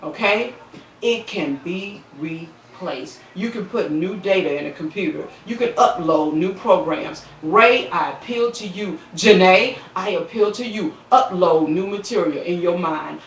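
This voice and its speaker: A woman delivering an impassioned, preaching-style appeal on a live stream, repeating phrases and quoting scripture, swelling into shouts and dropping soft, recorded on a phone. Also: fairly low pitch, normal speed, hardly any pauses, slight background noise. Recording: roomy, distant, dull phone recording.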